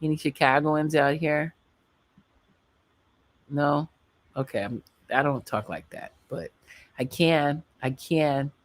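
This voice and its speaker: A woman's voice: low-pitched, slow pace, long pauses. A middle-aged woman hosting a livestream from home, chatting casually and rambling while laughing often. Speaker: livestream host.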